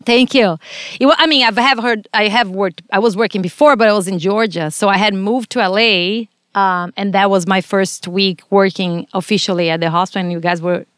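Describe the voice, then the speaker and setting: A woman's voice: mid-range voice, a little fast, a bit bright, dry recording, clean studio sound. A woman with a non-native English accent, a veterinarian hosting a casual interview podcast, chatty and a little stumbling.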